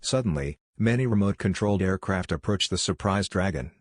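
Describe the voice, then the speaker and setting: Man, comic recap narration, very low voice, dry close sound, steady storytelling. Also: brisk, no room sound.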